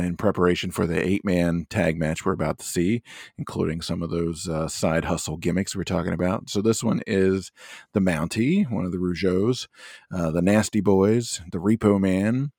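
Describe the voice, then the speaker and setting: A man co-hosts a podcast and rambles wryly through casual chat. His voice is deep and the recording dry. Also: normal speed, darkish tone, no room sound. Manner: rambling, wry. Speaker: podcast co-host.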